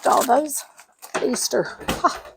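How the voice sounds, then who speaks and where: A woman's voice: high voice, slow, creaky, very noisy. A middle-aged woman, chatting folksily to viewers while cooking in her home kitchen. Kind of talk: casual cooking chat to camera.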